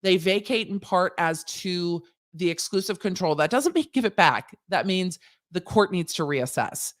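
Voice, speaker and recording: A woman's voice: on the low side, lively intonation, moderate pace. A woman lawyer hosting a casual legal commentary livestream, chatty and digressive, laughing at her own jokes.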